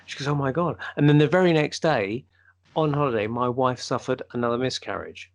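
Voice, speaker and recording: A man with a gravelly edge to his voice tells a long personal story on a casual podcast. His pitch sits in an ordinary middle range, and he livens it up by acting out what each person said. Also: brisk. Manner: animated storyteller, acts out quoted speech. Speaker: podcast co-host.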